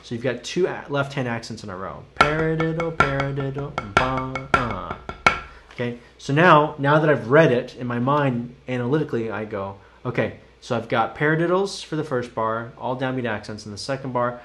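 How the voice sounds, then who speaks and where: A man's voice: mid-range voice, fairly quick, few pauses, over loud music. A man teaching a live-streamed drum lesson. He talks through rhythms by chanting the sticking in syllables, casually and encouragingly, and chats with viewers.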